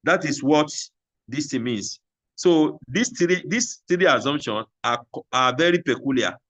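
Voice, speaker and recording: Man lecturing slowly, repeating phrases. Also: fairly high pitch, expressive, a bit bright. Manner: asks questions then answers them. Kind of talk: classroom lecture.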